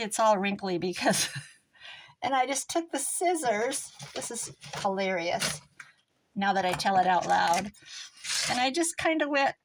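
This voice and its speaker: A woman's voice: a little high, a little hiss or hum. An older woman hosting a crafting tutorial, chatty and rambling, mocking herself and laughing often. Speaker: crafting video host.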